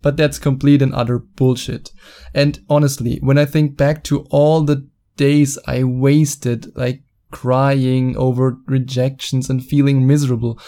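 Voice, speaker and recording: On his solo podcast, recorded with a studio microphone, a German-accented man speaks bluntly and mockingly and swears often. His medium-pitched voice is mellow, level in tone, and unhurried.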